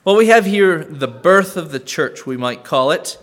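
Speaking a little slowly with lively intonation, a pastor delivers a sermon to his church. He muses conversationally, starts phrases over, and lifts his pitch and volume when he hits key points.

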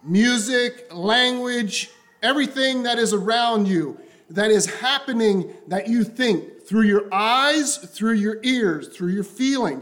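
A man preaching a sermon to a congregation, impassioned and repetitive, often dropping to a soft, low voice.

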